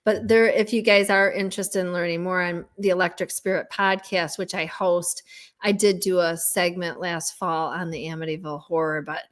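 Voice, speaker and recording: A woman's voice: on the low side, fairly even intonation, moderate pace. A woman guest psychic chatting casually, telling stories with many fillers. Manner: chatty, storytelling, filler-heavy. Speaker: guest psychic and podcast host. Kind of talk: casual conversational chat.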